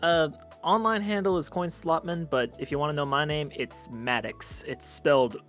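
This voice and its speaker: A man's voice: fairly high pitch, moderate pace, fairly bright tone, faint music behind. A man being interviewed as a guest on a podcast, talking casually in a modest, slightly hesitant way. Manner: modest, a bit hesitant, with restarts. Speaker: guest, aspiring voice actor.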